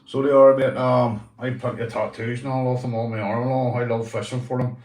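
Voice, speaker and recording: A Northern Irish man hosts a casual livestream and answers viewers' comments as they come in. He talks loosely and swears freely, and he keeps calling people mate. His voice sits at an ordinary pitch for a man, and the room around him sounds echoey. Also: little pitch movement, fairly quick, a little mellow. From Northern Ireland. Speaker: livestream host.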